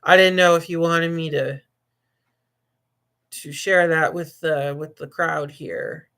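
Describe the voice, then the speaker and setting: Male stream host, somewhat high, bright tone, loose and jokey, rambling chat. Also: fairly even intonation, takes it slowly, clean tone. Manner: rambling and jokey, with frequent laughs and restarts. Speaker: livestream host. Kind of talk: casual livestream chat.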